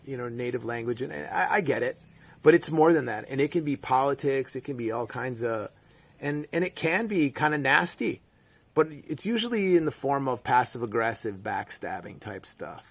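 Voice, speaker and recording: A man's voice: a little high, a bit bright. A middle-aged man, telling a rambling story in a casual monologue full of fillers and restarts. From United States. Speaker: vlogger.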